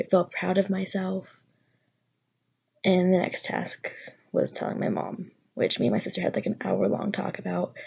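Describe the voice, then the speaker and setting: A woman's voice: medium pitch, creaky, warm tone, husky, lo-fi sound. A young woman telling a personal story in a vlog, nervous and rambling with many fillers. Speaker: vlogger.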